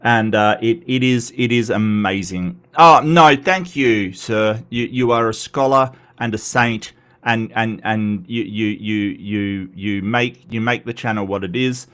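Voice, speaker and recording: A man's voice: medium pitch, normal speed. A man hosting a live stream, greeting viewers in a casual, stammering way, just woken up. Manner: animated, stammering repeats, greeting chat by name. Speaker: livestream host.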